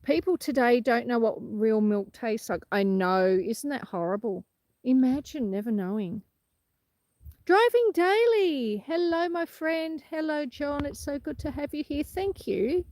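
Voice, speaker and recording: A woman's voice: high voice, expressive, measured pace, darkish tone, no echo. Chatty Australian woman on a farm livestream. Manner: chatty, laughs easily, talks to viewers by name. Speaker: livestream host. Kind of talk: casual livestream chat, reading comments aloud. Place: outdoors on a farm, windy.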